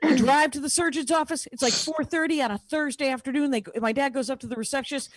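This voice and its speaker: A woman comedian talks through a stand-up set from home over a video call, with a high voice that swings up and down. She chats, digresses and mocks herself as she goes. The sound is dry and close with no room echo. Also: animated, fast talker. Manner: chatty, digressive, self-mocking storyteller.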